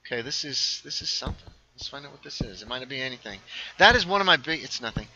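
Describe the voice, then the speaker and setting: This livestream host chats casually while gaming, wandering off on tangents, reading out the chat and dropping brief asides. He has a sharp, mid-range voice with lively intonation, heard through dull audio with slight background noise.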